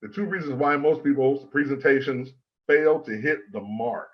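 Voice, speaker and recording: A male presentation coach talking at a steady, deliberate pace, pressing each point home and stacking ideas in threes. His voice sits in a middle register, and the recording sounds slightly dull and lo-fi. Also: mid-range voice. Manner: measured and emphatic, lists in threes. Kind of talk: prepared presentation.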